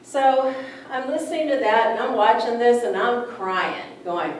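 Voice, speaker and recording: A woman's voice: on the high side, unhurried. A middle-aged woman, a spiritual teacher, telling a story to her congregation in an informal sermon, earnest and conversational with many fillers. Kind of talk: informal sermon-style storytelling to a small audience. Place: room of a spiritual center. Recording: echoey room, mic far off, faint noise.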